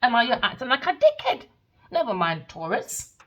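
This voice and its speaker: A woman's voice: a little high, wildly swooping pitch, normal speed, a bit bright. A woman giving a tarot reading as a profane, scornful rant, swinging into mocking sing-song taunts. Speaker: tarot reader.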